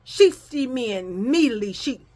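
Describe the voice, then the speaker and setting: High-voiced, profane woman vlogger. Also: normal speed. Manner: animated, profane, addressing viewers as y'all. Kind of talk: casual storytime chat.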